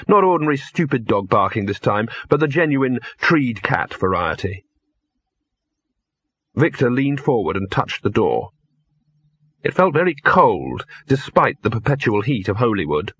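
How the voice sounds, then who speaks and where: A man narrating an audiobook in a steady, dry storytelling manner. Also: medium pitch, breathy edge. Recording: dull lo-fi dry recording.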